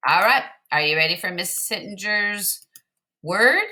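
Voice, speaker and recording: A woman teacher giving slow, clear, patient instructions to young pupils in a recorded word game lesson. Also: medium pitch, sharp tone.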